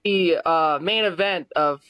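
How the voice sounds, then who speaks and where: A young man co-hosting a casual podcast, excitable and swearing freely as he reviews matches. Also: on the high side, unhurried, clear, resonant tone, no room sound. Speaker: podcast co-host. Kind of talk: casual chat.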